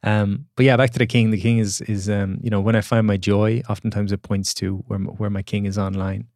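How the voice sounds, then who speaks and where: A man, a podcast guest and coach, telling a reflective story in an earnest, halting way with repeated words. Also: fairly low pitch, little pitch movement, darkish tone, no echo, clean studio sound.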